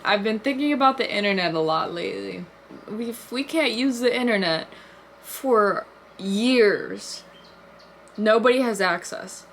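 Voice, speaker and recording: Young woman vlogger, mid-pitched, casual rambling talk full of fillers, faint room ambience behind. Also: expressive, a little slow, creaky, a little hiss or hum. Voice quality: frequent "like" fillers, swears casually. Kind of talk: casual storytelling monologue.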